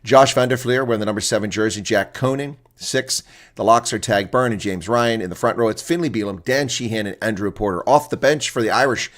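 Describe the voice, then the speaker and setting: A man's voice: lowish voice, fairly quick, a bit bright. A man hosting live rugby reaction commentary, reading out team lineups and chatting bluntly with viewers. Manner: chatty, blunt, exclaims often.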